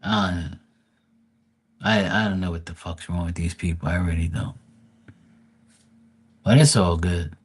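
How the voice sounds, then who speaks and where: A man's voice: low-pitched, measured pace, pauses often, breathy edge. Profane man ranting casually. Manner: crude, profane and mocking, with stammered restarts. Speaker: vlogger. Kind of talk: casual storytelling rant.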